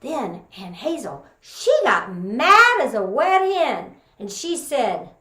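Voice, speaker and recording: A woman's voice: on the high side, very animated, takes it slowly, hardly any pauses, pushed and bright, roomy sound. A woman from Texas giving a humorous contest speech, telling stories full of folksy sayings. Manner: folksy storytelling with Southern sayings. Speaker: contest speaker.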